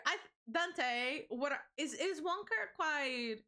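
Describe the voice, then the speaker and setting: A woman's voice: on the high side, very animated, normal speed, pushed and bright. A young adult woman streamer chatting casually on a livestream, rambling through stories and swearing freely.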